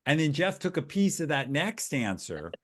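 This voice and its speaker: A man's voice: fairly high pitch, sing-song, moderate pace, a bit bright. A man hosting a live webinar, talking loosely and telling stories, often restarting his sentences. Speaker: host. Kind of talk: casual webinar conversation.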